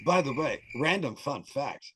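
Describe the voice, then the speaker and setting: A man's voice: mid-range voice, lively intonation, measured pace, a bit bright, a little hiss or hum. A man joking around on a podcast, riffing and dropping into mock voices. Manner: jokey, riffs with mock voices. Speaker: podcast guest. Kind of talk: casual podcast chat.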